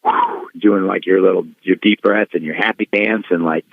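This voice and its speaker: A low-voiced man tells a story as an interview guest, casual and animated. The sound is dull and bone dry, with no room at all. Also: moderate pace, creaky, no echo. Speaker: guest wrestler.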